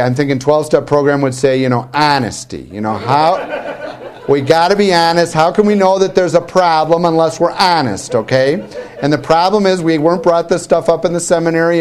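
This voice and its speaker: A man, a Catholic priest, telling chatty, self-mocking stories with many restarts in a relaxed talk. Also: fairly high pitch. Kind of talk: storytelling talk.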